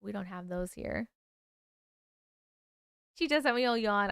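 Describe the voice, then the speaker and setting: Sleepy woman streamer chatting w her viewers, kinda high smooth voice, swears a bit, dry close mic. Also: moderate pace, long pauses, fairly bright tone, no echo. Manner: chatty, yawning, reacting to chat with swearing and laughs. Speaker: livestream host reading viewer stories. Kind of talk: casual livestream chat.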